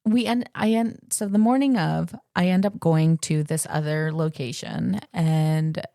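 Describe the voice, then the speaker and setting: A young woman co-hosting a casual chat, telling a lively, self-deprecating story and acting out her own lines. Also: sits low, a little slow, gravelly, dry recording, studio quality. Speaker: podcast co-host.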